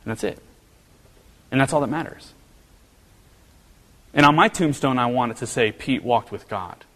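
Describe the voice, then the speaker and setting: A man preaching a sermon, earnest and storytelling, his pitch rising when he gets animated. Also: moderate pace. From American Midwest. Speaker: pastor. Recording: long hall reverb.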